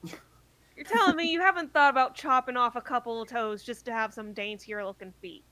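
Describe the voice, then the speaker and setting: A woman's voice: fairly high pitch, moderate pace, bright, forceful tone. A woman in a casual podcast chat, brash and joking.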